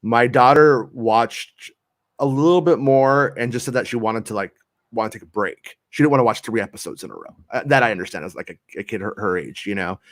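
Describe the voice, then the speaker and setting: A man's voice: mid-range voice, brisk, dry recording, clean studio sound. A man in his thirties co-hosting a casual review chat, telling loose joking stories and swearing casually. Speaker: podcast co-host.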